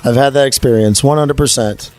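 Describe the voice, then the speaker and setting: A man's voice: medium pitch, a little fast, a little mellow, faint music behind. A man hosting a podcast, asking loose, chummy questions in casual chat. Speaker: podcast host.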